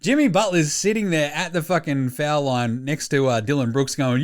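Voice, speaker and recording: Fairly high in pitch and moderately paced, the voice belongs to a man with an Australian accent who hosts a sports podcast. He's animated and joking, swearing as he chats casually.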